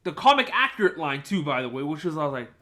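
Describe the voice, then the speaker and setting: A young man hosting a podcast, retelling a film scene in an excited, animated, casual way. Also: a little high, fast talker. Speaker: podcast host. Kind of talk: casual chat.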